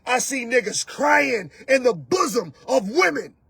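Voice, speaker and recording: A man, hosting a casual, animated, slangy monologue on relationships as a coach. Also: very high-pitched, a little slow, creaky, slightly rough, shouting.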